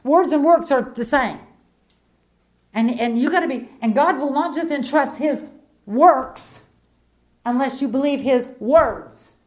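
Speaking at a measured pace in a high-pitched voice, this middle-aged woman preaches in a homespun, conversational manner. Her sermon moves from quiet storytelling to fervent passages, and she comes back to her main lines again and again.

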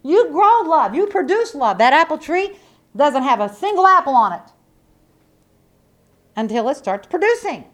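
A woman preaching a sermon, emphatic and repetitive, with folksy asides to the congregation and swings from loud to soft. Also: high-pitched, very animated, moderate pace, pauses often.

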